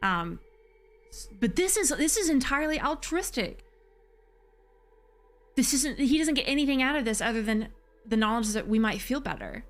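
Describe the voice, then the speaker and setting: A woman's voice: high voice, expressive, normal speed, pauses often. A woman streaming a video game, talking casually and animatedly, swearing freely. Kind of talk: casual let's-play commentary.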